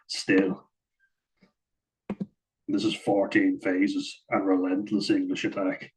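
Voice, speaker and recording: A rugby match analyst gives a chatty, casual voice-over breaking down footage, saying "like" a lot and chuckling at his own asides. His low voice is flat and a little slow, and the recording is low quality.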